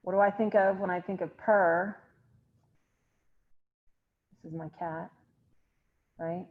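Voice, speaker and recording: A woman's voice: on the low side, steady tone, slow. A woman, giving an online chemistry lecture in a chatty way and asking the class questions that she answers herself. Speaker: chemistry instructor. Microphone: computer mic on a video call. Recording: slightly dull, lo-fi video-call audio.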